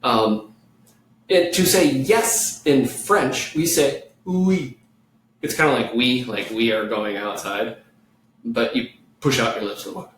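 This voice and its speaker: A man teaching a children's music lesson, playful and clear, singing along with his guitar. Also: medium pitch, lively intonation, unhurried, slight background noise. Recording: echoey room, mic far off, guitar playing.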